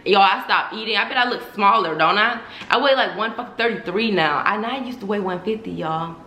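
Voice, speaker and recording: A woman's voice: medium pitch, brisk, bright, forceful tone. A young woman vlogging casually to her viewers, candid and profane, calling them y'all. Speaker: YouTuber. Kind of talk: casual vlog confession to viewers. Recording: echoey room.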